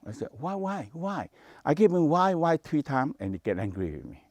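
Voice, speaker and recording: Animated man teaching in broken English. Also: medium pitch, fairly quick, dry recording. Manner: animated, non-native English grammar in short repeated phrases. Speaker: Taoist meditation teacher. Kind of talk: spoken teaching to a workshop.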